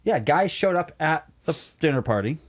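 A man's voice: fairly high pitch, lively intonation, normal speed. A man co-hosting a podcast in a casual chat, cutting in with dry remarks and questioning challenges. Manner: dry interjections, pushes back with questions. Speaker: podcast co-host. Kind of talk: casual episode discussion.

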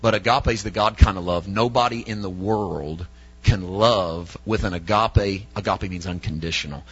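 A man's voice: sits low, fairly bright tone, slightly rough, dull audio. A male preacher delivering an emphatic sermon, often asking his listeners rhetorical questions.

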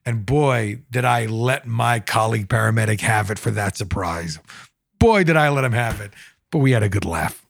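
A man, a paramedic, telling work stories in casual talk, animated and acting out what people said. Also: on the low side, normal speed, creaky. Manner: animated storyteller, acts out quotes.

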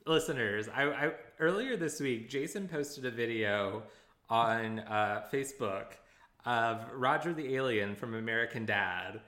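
A young man co-hosting a podcast, chatting casually and dropping wry, deadpan quips to the listeners. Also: medium pitch, unhurried, echoey room. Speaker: podcast co-host. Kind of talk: casual chat.

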